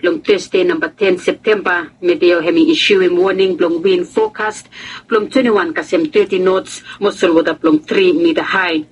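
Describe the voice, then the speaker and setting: A man's voice: high-pitched, steady tone, normal speed. A man, a reporter reading a scripted news report steadily. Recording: distant with faint noise.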